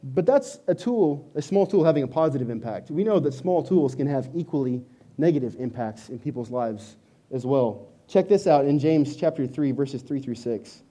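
A man in his thirties preaching a sermon, telling a story with animated delivery and loud bursts when acting out his own lines. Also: mid-range voice, moderate pace. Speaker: pastor.

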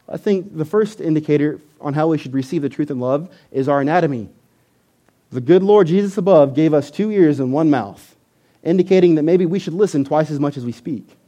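A man preaching a sermon as pastor, animated and emphatic, building at times to near-shouting. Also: a little high.

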